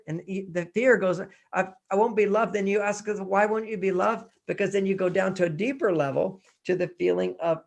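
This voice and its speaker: With a high, gravelly voice and a steady tone, a sixty-something author from Texas talks at a moderate pace and few pauses during an interview. He is emphatic and acts out quoted voices.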